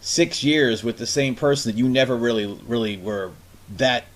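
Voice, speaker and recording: Man, average pitch, podcast co-host, casual chat, argues his point. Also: moderate pace. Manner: reacts with short exclamations and argues his point.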